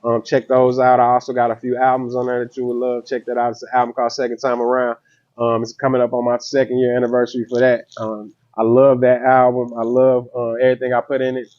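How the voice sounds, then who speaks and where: A laid-back man from St. Louis talks through a casual interview as a rapper guest. He often checks in with "you know what I'm saying?" and his voice sits at a middle pitch. The recording sounds dull and lo-fi. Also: monotone, fast, a little mellow, no echo. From St. Louis, USA.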